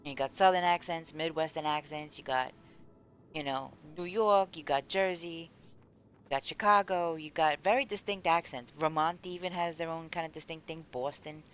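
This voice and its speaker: A woman's voice: low-pitched, fairly even intonation, moderate pace, clean tone, soft background music. A woman from the United States streaming a game, chatting casually and rambling as she answers her chat. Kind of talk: casual chat while gaming.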